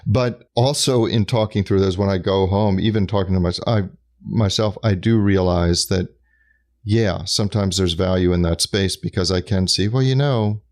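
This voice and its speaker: A man's voice: low voice, normal speed, a little mellow. A man co-hosting a podcast, talking in a reflective, joking, rambling way. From North Carolina, US. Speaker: podcast co-host. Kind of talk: casual chat.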